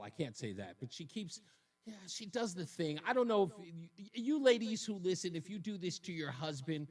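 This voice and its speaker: A man's voice: on the high side, a bit bright. A man hosting a call-in radio talk show, joking and laughing often. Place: radio studio.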